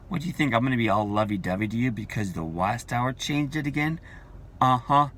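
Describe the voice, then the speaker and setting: A man's voice: medium pitch, expressive, fairly quick, fairly bright tone, slight background noise. A man in his forties ranting in a vlog, emphatic and combative, repeating his points. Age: 40s. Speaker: vlogger.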